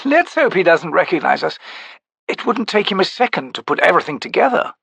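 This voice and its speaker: A man's voice: high voice, big pitch swings, fairly quick, creaky, sharp tone, slightly rough, no echo, voice pushed up, full character voice. A male narrator voicing a nervous young male noble who talks anxiously in an audiobook. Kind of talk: audiobook character voice.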